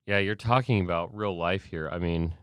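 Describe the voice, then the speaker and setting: Deep, smooth-voiced reflective man. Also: moderate pace, no echo. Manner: reflective, thoughtful, with filler words. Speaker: emergency response expert, guest. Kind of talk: conversational interview.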